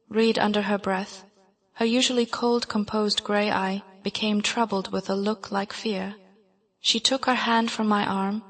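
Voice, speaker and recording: Woman audiobook narrator, mid pitch, steady measured reading of a classic novel. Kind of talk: scripted narration.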